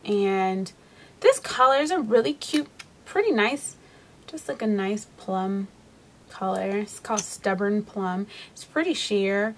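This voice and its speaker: A woman's voice: medium pitch, slow, slight background noise. A young woman casually reviewing drugstore lipsticks in a chatty, rambling way, with frequent fillers and restarts. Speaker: beauty vlogger.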